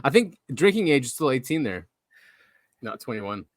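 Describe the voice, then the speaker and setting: A man's voice: medium pitch, sing-song, normal speed, no echo, clean studio sound. A man hosting a podcast in casual chat, chatty and eager to explain things. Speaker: podcast host.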